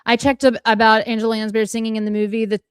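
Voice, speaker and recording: A woman's voice: fairly high pitch, little pitch movement, very fast, smooth, no room sound, clean studio sound. A woman co-hosting a live fan stream, gushing and chatty, laughing often between points. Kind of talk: casual live-stream chat.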